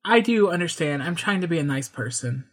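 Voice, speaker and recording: A woman's voice: on the low side, expressive, brisk. A woman co-hosting a podcast, blunt and opinionated in casual chat, teasing and swearing freely. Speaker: podcast co-host.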